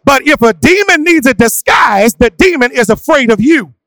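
A male preacher who swings from hushed, quiet asides to sung, shouted preaching. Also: extremely high pitch, animated, normal speed, dry recording. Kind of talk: sermon.

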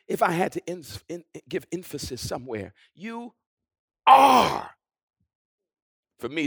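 A man preaching a sermon, building to shouted, rhythmic repetition and then dropping to hushed, drawn-out phrases. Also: on the high side, creaky, slightly rough, no echo, studio quality.

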